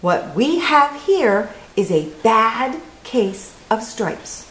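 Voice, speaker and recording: A woman voicing a kind, plump old woman in a storybook reading, speaking gently and slowly. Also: a little high, sing-song, roomy sound, exaggerated voice, low-quality recording. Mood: gentle.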